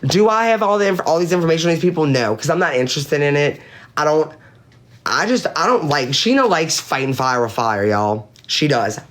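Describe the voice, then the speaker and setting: A man's voice: on the high side, lively intonation, a little fast, a bit bright. A man on a live-stream panel recounting online drama in casual chat. He is blunt and profane, reads chat messages aloud, and repeats his points for emphasis.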